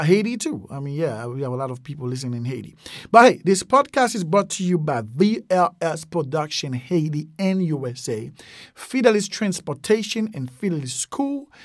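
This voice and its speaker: A man's voice: a little high, no echo. Man, podcast host, casual phrase lesson, repeats things, dry close sound. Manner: repeats phrases slowly, many fillers.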